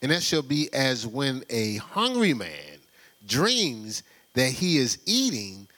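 Bright-voiced man preaching conversationally. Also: mid-range voice, huge pitch swings, slow. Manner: conversational preaching with rhetorical questions and laughs. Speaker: pastor. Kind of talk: sermon.

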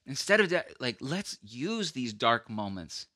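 A man delivers an earnest, conversational sermon, stumbling into restarts as he reaches for his point. His voice is strikingly bright and edged, and the recording is dry and close with no room sound. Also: mid-range voice, very animated, measured pace, no room sound. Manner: earnest, acts out quoted voices, frequent restarts. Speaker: preacher.

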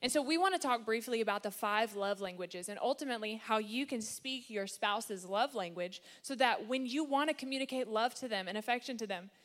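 Woman speaker, fairly high voice, playful and lively church talk on marriage. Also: brisk, few pauses. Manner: lively, playful, sprinkles in funny put-on voices. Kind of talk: sermon-style talk on marriage.

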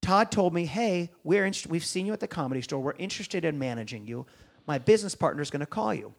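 Fast-swearing male comedian telling a story. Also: fairly high pitch, animated, vocal fry. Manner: swears freely, acts out phone calls. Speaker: podcast guest, comedian. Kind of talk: animated storytelling.

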